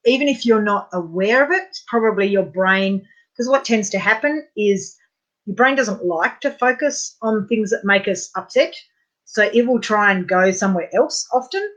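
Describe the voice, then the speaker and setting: Female practitioner leading guided tapping, a bright, clear tone, informal and gentle. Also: mid-range voice. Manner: gentle, repetitive guided statements for listeners to echo; chatty and informal, with frequent fillers.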